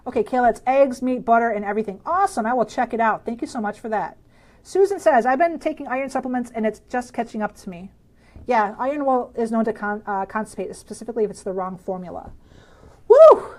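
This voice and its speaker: A woman's voice: on the high side, fast, a little mellow. A woman from Michigan hosting a casual live stream, bubbly and chatty, reading out viewer comments and answering health questions with frequent laughs.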